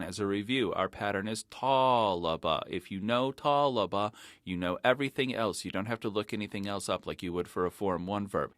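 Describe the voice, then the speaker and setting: A man with a very deep, low voice gives a methodical grammar lecture, laying out each step clearly. The sound is dry and close, with no room around it. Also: fairly bright tone, no room sound. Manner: methodical, explanatory. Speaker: Arabic teacher.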